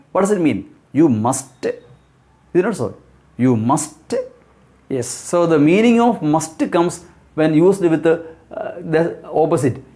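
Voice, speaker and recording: High-voiced man teaching grammar. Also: a little mellow. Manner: repetitive, rhetorical questions, many fillers. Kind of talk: explaining grammar lesson.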